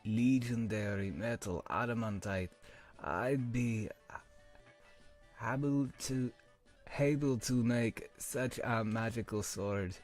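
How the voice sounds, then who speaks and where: A man's voice: medium pitch, slow, a little mellow, soft background music, natural voice. A man voicing a male dwarf blacksmith with a put-on accent, theatrical and longing. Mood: yearning.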